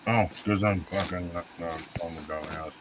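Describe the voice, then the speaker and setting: A man's voice: deep voice, steady tone, a little slow, noisy background. A man talking bluntly and swearing heavily in a streamed voice chat. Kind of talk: casual banter.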